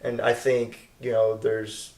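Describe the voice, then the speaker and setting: A young man co-hosting a casual movie review podcast, giving measured opinions with dry quips. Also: mid-range voice, completely flat delivery, darkish tone. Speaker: podcast co-host. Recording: echoey room.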